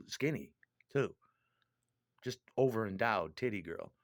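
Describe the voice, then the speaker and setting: A man's voice: mid-range voice, normal speed, no room sound. Middle-aged man ranting in a dry voice. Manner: crude, profane, rambling rant. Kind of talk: rambling monologue.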